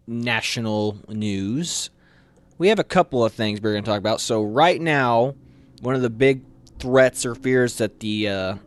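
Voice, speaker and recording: A man's voice: medium pitch, no echo. A man co-hosting a local morning show, talking through national news in a rambling, conversational way with many restarts. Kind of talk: casual news chat.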